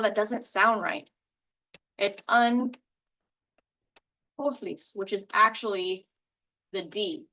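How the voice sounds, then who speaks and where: Bright-voiced woman teaching a language lesson. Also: mid-range voice, distant mic, poor audio. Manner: explanatory, walks through examples step by step.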